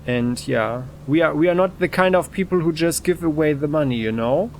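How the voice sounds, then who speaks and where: A man hosting a let's play, giving relaxed game commentary and reading game text aloud. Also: on the high side, brisk, slight background noise. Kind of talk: casual gameplay commentary.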